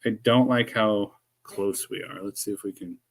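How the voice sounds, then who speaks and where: A man's voice: fairly low pitch, fairly even intonation, moderate pace. A man casually chatting on a live stream, muttering and joking sarcastically as he fixes his camera and microphone. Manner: dry sarcastic asides while fumbling with gear. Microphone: desk microphone he keeps adjusting.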